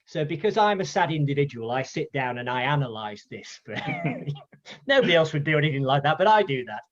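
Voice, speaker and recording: A man from the UK tells a story in a chatty, animated way. His voice sits a little high. The sound is muffled and lo-fi, like an online call. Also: quick pace. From United Kingdom. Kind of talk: casual storytelling talk.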